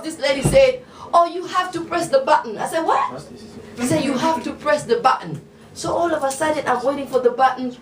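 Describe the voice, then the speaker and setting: A woman with a Kenyan accent performing animated comic storytelling and spoken word poetry, shouting punchlines and laughing through lines. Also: high voice, slight background noise. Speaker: poet and storyteller. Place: small bar lounge with audience. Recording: roomy live bar recording from a distance.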